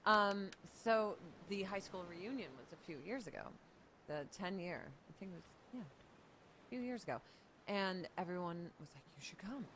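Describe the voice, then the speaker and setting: A woman of about thirty from Chicago with a Chicago accent, a guest telling stories in a casual, profane, animated way. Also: medium pitch, moderate pace, background noise. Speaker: guest, streamer. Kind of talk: casual podcast chat.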